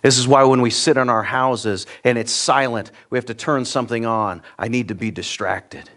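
A middle-aged man from the United States, preaching a sermon in a church, earnest and direct, swinging between loud emphatic peaks and quiet low asides. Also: steady tone, normal speed. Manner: earnest, direct, repeats words when starting a thought. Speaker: pastor.

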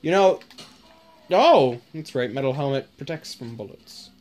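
Slow, lively-voiced woman gaming. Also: a bass voice. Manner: casual, swears often, drawls. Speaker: gamer. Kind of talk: gaming commentary.

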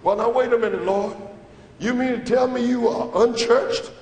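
Very high-voiced, dramatic male preacher. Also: fairly even intonation, moderate pace. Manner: dramatic, emphatic preaching that swings between shouting and hushed asides. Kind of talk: sermon. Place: church sanctuary. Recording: echoey church hall with long reverb.

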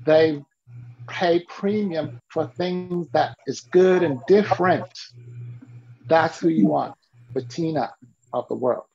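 A man and business mentor telling stories to an interviewer in an animated way, acting out the voices he quotes. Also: on the high side, takes it slowly, gravelly, long pauses, highs cut off. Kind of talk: storytelling to an interviewer.

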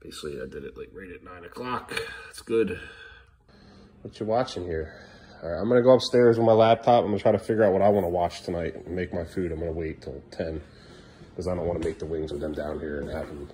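A man's voice: deep voice, quick pace, warm tone, slight background noise. A young dad filming a casual home vlog, talking to his kids at bedtime and now and then snapping at them in frustration. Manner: exasperated, scolding in bursts. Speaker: parent vlogger.

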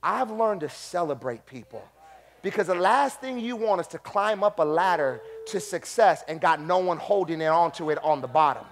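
A pastor preaching a sermon, animated, swinging between quiet asides and loud, shouted points. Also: male voice, fairly high pitch, normal speed.

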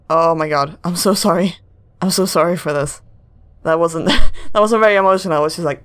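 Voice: medium pitch, moderate pace, pauses often, a bit bright, no room sound. A gamer hosting a let's play, chatting casually, joking and self-mocking while playing. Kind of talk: casual gameplay commentary. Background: game music.

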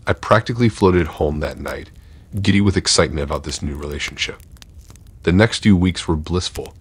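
Very deep, husky male storyteller. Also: brisk, no echo. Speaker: horror story narrator. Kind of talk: scripted first-person narration.

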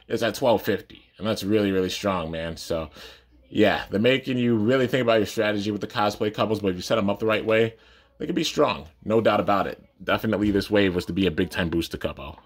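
Low-voiced enthusiastic young man. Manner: enthusiastic, slangy, rambling. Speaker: toy reviewer. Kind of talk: casual unboxing vlog.

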